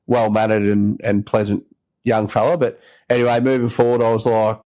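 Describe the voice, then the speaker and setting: A man's voice: lowish voice, little pitch movement, normal speed, mellow. Australian man spinning a rambling yarn. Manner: rambling yarn-spinner, acts out quoted voices. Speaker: podcast host. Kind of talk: casual storytelling chat.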